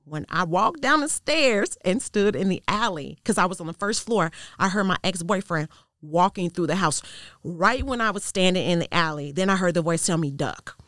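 A woman with a fairly low voice tells her own story as an interview guest. She speaks earnestly and in a measured way, and her voice drops quiet when the story turns tense. The sound is close and dry. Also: lively intonation, dry recording. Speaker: podcast guest. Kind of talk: personal testimony in an interview.

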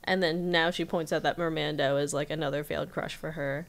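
A woman's voice: deep voice, a little fast, gravelly. Woman co-host animatedly recapping an episode. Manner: animated retelling with frequent laughter. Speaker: podcast co-host. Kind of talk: casual episode recap chat.

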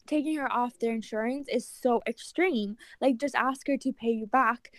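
High-voiced young woman, emphatic chat. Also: moderate pace, no echo. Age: 20s. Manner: animated, emphatic, empathetic. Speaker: podcast co-host. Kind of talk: casual chat.

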